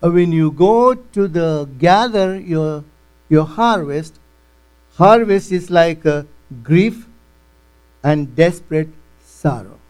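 A man's voice: fairly high pitch, expressive, takes it slowly, darkish tone, smooth, poor audio. A man preaching a sermon in emphatic, non-native English, repeating words for weight.

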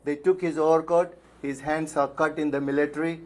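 A man's voice: a little high, fairly even intonation, brisk. A man preaching a sermon as pastor, emphatic, asking questions and answering them himself, repeating phrases for stress. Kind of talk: sermon with Bible reading.

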